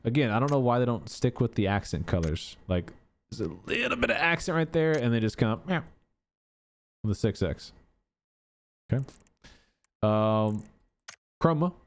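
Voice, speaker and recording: A man talking through a game update at an easy, unhurried pace, thinking aloud as he goes. His voice sits at an ordinary middle pitch, and he fills his sentences with loose, chatty asides. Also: very animated, gravelly. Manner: thinking aloud, chatty, fond of filler words. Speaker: gaming YouTuber. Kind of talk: casual gameplay commentary.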